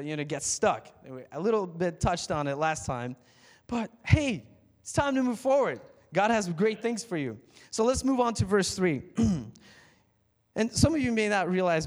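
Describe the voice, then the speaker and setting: Pastor, male, high voice, casual sermon with emphatic calls, reverberant church hall. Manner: conversational preaching with many fillers, rising to emphatic calls.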